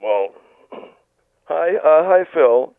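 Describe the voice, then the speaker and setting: A man's voice: on the high side, expressive, very slow, vocal fry, smooth, dry recording, full character voice. A man playing an indignant middle-aged caller who refuses masks, rambling and stammering through a tinny phone line. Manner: rambling, stammering restarts, whiny disbelief.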